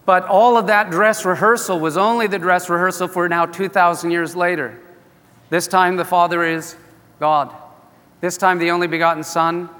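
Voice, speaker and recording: A pastor preaching with earnest emphasis, dropping to a hush and rising again. His voice is bright and sits fairly high. A long hall reverb hangs on every phrase. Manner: earnest, emphatic, swings between loud and hushed. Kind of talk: sermon.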